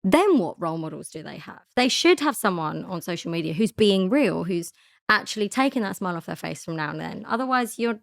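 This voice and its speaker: A woman in her thirties in a casual podcast chat, talking in an earnest, lively way. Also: on the low side, a little fast, gravelly, dry recording, clean studio sound. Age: 30s.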